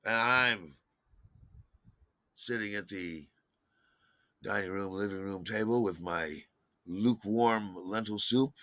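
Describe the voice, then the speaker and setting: A man's voice: lowish voice, slow, pauses often, pushed and bright, dry recording. An older man telling a personal story in a wry, conversational way. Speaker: podcast host.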